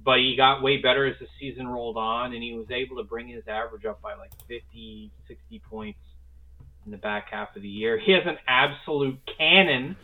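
Through phone-like, narrow audio, a sports podcast co-host talks a little fast in a mid-range voice. His manner is enthusiastic and rambling, with casual swearing throughout this casual show.

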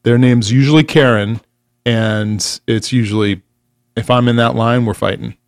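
A man's voice: mid-range voice, fairly even intonation, moderate pace, no echo. Man, casual podcast talk, blunt and swearing, dry close sound. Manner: blunt, profane, laughs often. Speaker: podcast co-host. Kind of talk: casual chat.

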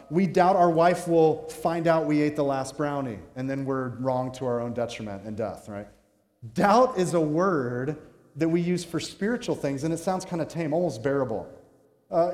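Animated pastor preaching in an echoey hall. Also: male voice, a little high. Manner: animated, joking, acts out quoted voices. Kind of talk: sermon. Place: church sanctuary. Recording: echoey hall with long reverb.

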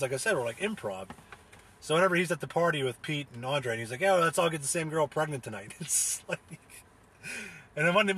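A man's voice: on the high side, pushed and bright, breathy edge. A young man chatting casually, rambling with lots of fillers and restarts, laughing and swearing as he recounts things. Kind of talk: casual solo chat recounting a comedy show.

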